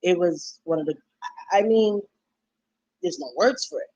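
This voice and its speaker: A woman guest on a live stream, chatting casually and telling stories with lively acted-out quotes. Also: lowish voice, moderate pace, no room sound, highs cut off. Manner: animated storyteller, acts out quotes. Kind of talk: casual chat.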